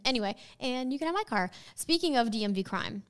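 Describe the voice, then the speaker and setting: A young woman co-hosting a podcast, chatting casually with quick, teasing reactions. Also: fairly high pitch, expressive, smooth. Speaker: podcast co-host. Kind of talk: casual chat.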